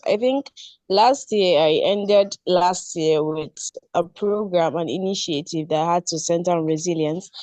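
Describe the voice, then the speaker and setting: A woman's voice: fairly low pitch, darkish tone, dry recording. A woman, from Nigeria, commenting politely and earnestly as a participant on a video call. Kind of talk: online webinar comment.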